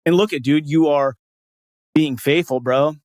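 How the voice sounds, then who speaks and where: Casual, energetic podcast host man. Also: fairly high pitch, a little slow, dry recording, clean studio sound. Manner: energetic, casual slang, encouraging. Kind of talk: casual conversation.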